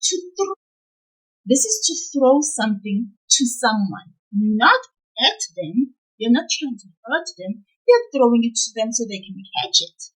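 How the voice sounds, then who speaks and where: A woman's voice: on the high side, sing-song, unhurried, husky, rough recording. A woman teaching a children's isiZulu vocabulary lesson, speaking patiently and repeating each word so learners can copy her. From South Africa. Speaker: isiZulu language teacher for kids.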